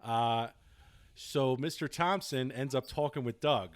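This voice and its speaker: A man hosting a podcast, asking a guest questions in a relaxed, halting way with lots of fillers. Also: medium pitch, clear, resonant tone, no echo. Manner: relaxed, hesitant, many fillers. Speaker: podcast host. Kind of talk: casual podcast chat.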